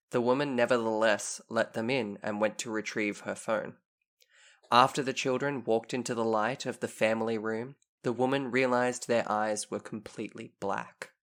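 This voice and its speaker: A man co-hosting a casual podcast, chatting and reading spooky stories aloud, animated and excitable as he reacts. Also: medium pitch. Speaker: podcast co-host. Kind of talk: casual chat and dramatic story reading.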